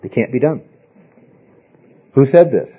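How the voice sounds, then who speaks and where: A husky-voiced man leads a Bible study class, stressing his points and checking in with his students. His voice sits at a middle pitch. The recording is dull and lo-fi. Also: expressive, a little slow. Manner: emphatic, asks the class questions often. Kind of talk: informal classroom teaching.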